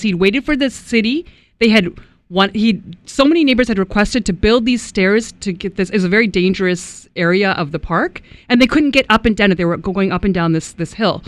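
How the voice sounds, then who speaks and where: A Canadian woman co-hosts talk radio, telling stories in a brisk, firm way. Her pitch sits in the middle, and the sound is dry and close to the mic. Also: dry recording. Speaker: radio co-host.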